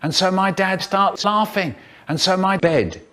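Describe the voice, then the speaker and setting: A man telling a rambling, absurd comic story in a deadpan voice that breaks into sudden silly outbursts. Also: sits high, a little slow. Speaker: comedic storyteller.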